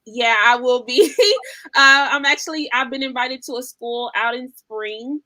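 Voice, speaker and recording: Woman, guest author, enthusiastic, very high voice, sharp bright tone. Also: steady tone, measured pace, dry recording. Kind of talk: interview chat.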